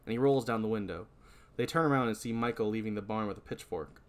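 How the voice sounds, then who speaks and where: A man's voice: fairly low pitch, quick pace. A man co-hosting a podcast, casually recapping a horror movie plot. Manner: narrates plot, laughs a lot. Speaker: podcast co-host.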